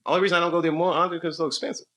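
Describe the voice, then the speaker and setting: A man's voice: fairly high pitch, fairly even intonation, rapid-fire, crowd noise. A man, a stand-up comedian, chatting casually and laughing with fans after a show. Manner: laughing, loose and joking. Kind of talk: casual banter with audience.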